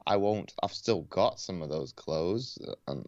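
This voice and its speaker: A man's voice: low voice, expressive, measured pace, a little mellow, no room sound, dull audio. A laid-back man answering questions as a podcast guest over a video call, often stopping and restarting his sentences. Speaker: podcast guest, paralympic athlete. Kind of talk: casual interview chat.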